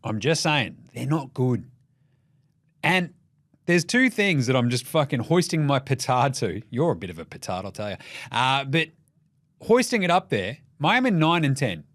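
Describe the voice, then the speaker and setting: An Australian man hosting a basketball podcast, riffing in a jokey, profane, rapid-fire way. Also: mid-range voice, sing-song, a bit bright, no room sound, studio quality. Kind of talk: casual solo commentary.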